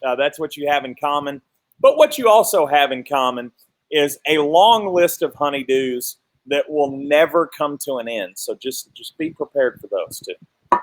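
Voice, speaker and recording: A man's voice: on the high side, lively intonation, moderate pace. Jokey male talk-show host. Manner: jokey, teasing and congratulatory. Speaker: sports broadcaster and show host. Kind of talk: casual live talk-show chat.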